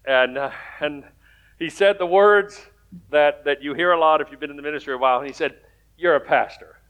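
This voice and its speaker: A man's voice: fairly high pitch, a little fast, fairly bright tone, clear, resonant tone. A man preaching a sermon as pastor, telling stories in a conversational way and rising to emphatic points.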